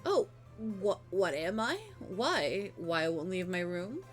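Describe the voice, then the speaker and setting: A woman voicing an excitable, obsessive male monster superfan with an axe in a video game, gushing and stammering. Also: fairly low pitch, slow, faint music behind, pitched below the performer's own voice. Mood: agitated.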